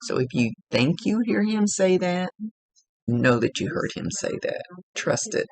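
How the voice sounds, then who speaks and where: Woman medium, gravelly husky voice with dry close sound, rambling and self-correcting, at times half-whispered. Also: on the low side, very animated, unhurried, darkish tone, no echo, poor audio. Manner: rambling, self-correcting, laughs at own slips. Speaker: psychic medium. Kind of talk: spirit reading.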